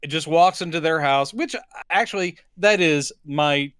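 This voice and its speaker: A man's voice: fairly high pitch, normal speed, fairly bright tone, smooth, no room sound, clean studio sound. A man co-hosting a podcast, recapping a movie in casual chat and acting out its lines as he goes. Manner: chatty, acts out lines from the film. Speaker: podcast co-host.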